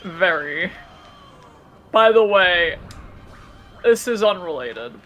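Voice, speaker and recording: A man's voice: sits high, animated, slow pace, pushed and bright, faint music behind, poor audio. A young man co-hosting a casual podcast, rambling and laughing often. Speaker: podcast co-host. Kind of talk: casual chat.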